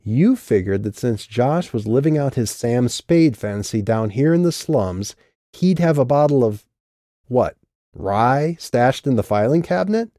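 A man reading an audiobook and voicing a guarded, quick-witted young woman who was once in a band. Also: medium pitch, animated, warm tone, dry recording, studio quality, pitched above the performer's own voice, natural voice. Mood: wry.

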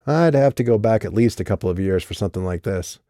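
A man reading an audiobook and voicing a sharp, sardonic woman who has been drinking. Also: lowish voice, animated, fast, no room sound, studio quality, close to an everyday voice.

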